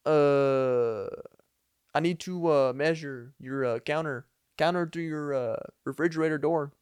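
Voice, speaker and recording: A man's voice: mid-range voice, steady tone, clear, resonant tone, no echo, studio quality, close to an everyday voice. A man voicing a friendly, hesitant neighbor who politely keeps asking permission, in a put-on accent. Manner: put-on accent, halting, asks repeatedly.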